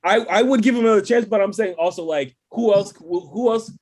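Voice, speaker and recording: A man with a slightly high voice in a casual podcast chat. He hesitates and restarts, but keeps pushing his point. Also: a little fast, a little mellow.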